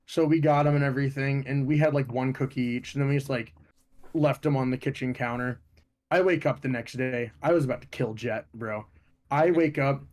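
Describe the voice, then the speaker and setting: A young man from Ohio co-hosting a podcast, telling stories in a profane, animated way. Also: medium pitch, brisk. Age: young adult. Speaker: podcast co-host. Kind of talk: casual chat.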